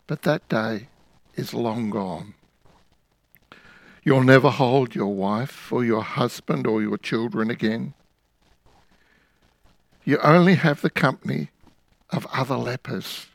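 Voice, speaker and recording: A man preaching a sermon, retelling a scripture story in the second person with vivid, dramatic pauses. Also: mid-range voice, creaky, dry recording.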